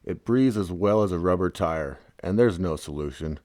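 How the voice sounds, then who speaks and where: Deep-voiced man reading his memoir. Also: moderate pace, darkish tone, no room sound, clean studio sound. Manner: wry, casual storytelling. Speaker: narrator.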